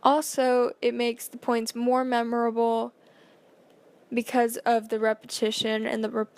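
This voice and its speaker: A woman with a slightly high voice reads a school presentation aloud. She goes carefully, stumbling now and then and filling gaps with small fillers. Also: completely flat delivery, a little slow, darkish tone, clear, resonant tone.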